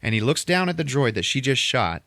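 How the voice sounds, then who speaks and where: A man hosting a podcast, recapping a film in a profane, animated storytelling manner, a bit tipsy. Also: medium pitch, brisk, creaky, no echo, studio quality. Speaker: podcast host. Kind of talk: casual movie recap chat.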